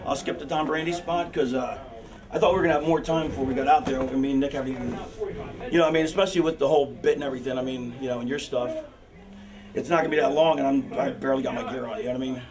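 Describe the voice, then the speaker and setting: A man's voice: medium pitch, steady tone, racing, distant mic, crowd noise, poor audio. A man backstage walking through a planned wrestling match, rambling and profane, with many fillers and restarts.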